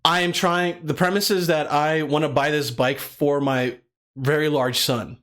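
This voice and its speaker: A man's voice: fairly high pitch, fairly even intonation, unhurried, fairly bright tone. A man co-hosting a casual podcast, talking in a rambling way and swearing casually. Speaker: podcast co-host. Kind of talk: casual chat.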